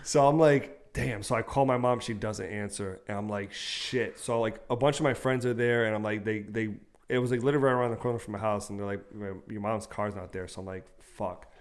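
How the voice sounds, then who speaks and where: A young man with a fairly low-pitched voice co-hosts a casual podcast. He tells a personal story in loose, animated chat, swearing often and slipping into the voices of the people he quotes. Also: fairly quick, few pauses. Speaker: podcast co-host.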